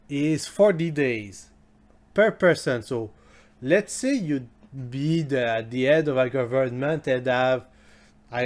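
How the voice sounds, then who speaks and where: Slow, halting man explaining history. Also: mid-range voice, a little mellow. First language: French. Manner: slow and halting, many restarts and self-corrections. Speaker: history video host. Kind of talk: casual spoken explainer.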